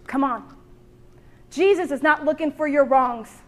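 A woman's voice: sits high, a little slow. A woman preaching to a women's church gathering, joking and acting out little voices as she goes. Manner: animated, jokey, acts out voices. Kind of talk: sermon.

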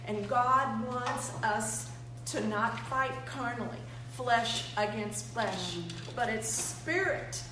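A woman speaks up from the congregation, earnestly sharing a testimony. She is far from the mic in a very echoey room, and clear background noise runs under her words. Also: a little high, slow pace. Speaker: congregation member.

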